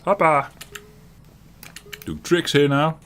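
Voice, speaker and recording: With a fairly high, steady, fairly bright voice, this man speaks slowly as he chats about the game he's playing. He runs a retro gaming channel, has a Dutch accent from the Netherlands, and his casual commentary rambles, with lots of chuckling and restarted sentences. There's slight background noise.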